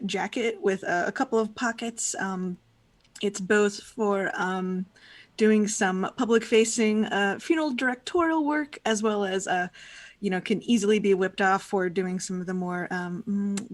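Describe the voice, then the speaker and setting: A woman playing a tabletop role-playing game, describing her character hesitantly with many pauses and ums. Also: mid-range voice, fairly even intonation. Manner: hesitant, full of uh and um. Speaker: player.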